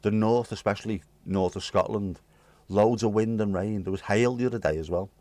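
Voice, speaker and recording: Talking fairly quickly in a lowish, darkish voice, a British livestream host from the UK works through his chat messages with cheeky rambling, swearing and jokes. It's a casual chat to live chat readers, recorded dry.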